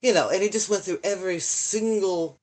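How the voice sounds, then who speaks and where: An older woman who hosts a channel reading books aloud chats casually and rambles, cutting herself off mid-thought. Her mid-range, slightly mellow voice runs a little fast as she sighs dramatically and complains about a tedious book during her live chat and reading.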